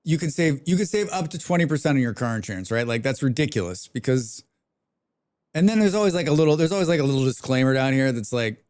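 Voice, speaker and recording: A man's voice: medium pitch, lively intonation, fast talker, darkish tone. A man livestreaming a game, chatting casually and rambling with plenty of swearing while reacting to chat. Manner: rambling, profane, reads chat aloud.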